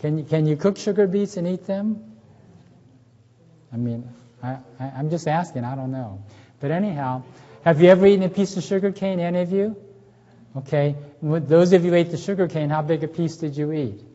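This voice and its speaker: A man's voice: a little high, a little fast, warm tone. Folksy man lecturing in an echoing hall. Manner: folksy, asks the audience questions, tells jokes. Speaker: health seminar speaker. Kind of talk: church health seminar lecture. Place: church hall with a live audience. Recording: dull lo-fi recording in a reverberant hall.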